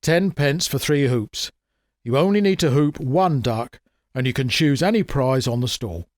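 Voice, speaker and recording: A man's voice: medium pitch, expressive, unhurried, dry recording, clean studio sound, close to an everyday voice. A man voicing a greedy, cowardly fairground showman with a wheedling, oily manner. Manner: wheedling, oily, turns whiny.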